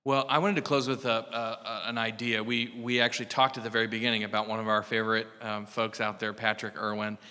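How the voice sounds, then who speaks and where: Upbeat podcast host man, bright voice. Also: lowish voice, level tone, fast, hardly any pauses, in a large hall. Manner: encouraging, affirming. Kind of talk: casual conversational podcast chat.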